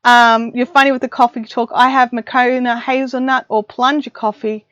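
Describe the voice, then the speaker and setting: A woman's voice: on the high side, level tone, moderate pace, a bit bright, dry recording. A middle-aged woman with an Australian accent, hosting a casual craft livestream from her home craft room and chatting with viewers in a self-mocking way. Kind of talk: casual live chat. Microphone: desk mic, listening on headphones. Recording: dry, dull lo-fi livestream audio.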